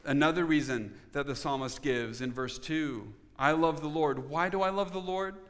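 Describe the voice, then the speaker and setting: A man's voice: a little high, moderate pace, fairly bright tone, big-room sound. A man preaching a sermon in an earnest, conversational way, now and then putting questions to his congregation. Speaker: pastor.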